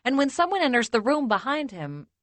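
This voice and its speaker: A woman narrating a first-person romance audiobook in a measured, intimate way. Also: high voice, sing-song, a bit bright, no echo.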